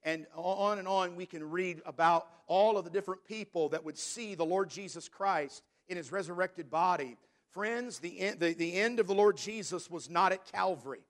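A man preaching a sermon as pastor, reading scripture slowly and stressing key words. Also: sits high. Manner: preaching, reads scripture in King James wording, slows for emphasis.

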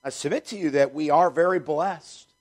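Man, high voice, pastor preaching, emphatic, repeats key phrases. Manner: slows down to stress scripture. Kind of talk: sermon.

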